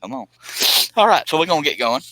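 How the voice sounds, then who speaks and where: A man's voice: fairly high pitch, very animated, quick pace, a bit bright, no room sound, rough recording. A man hosting a woodworking live stream, rambling and joking as he reads viewer comments. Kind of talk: casual live stream chat. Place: home woodworking shop.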